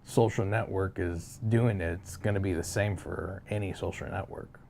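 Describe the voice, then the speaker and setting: A man's voice: sits low, fairly even intonation, moderate pace, vocal fry, darkish tone. A man co-hosting a casual talk show, upbeat and chatty with plenty of fillers. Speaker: podcast co-host. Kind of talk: casual chat.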